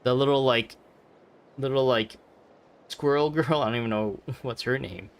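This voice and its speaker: A man's voice: mid-range voice, normal speed. A man giving rambling, jokey commentary while playing a game. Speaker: streamer. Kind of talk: gameplay commentary. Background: game music.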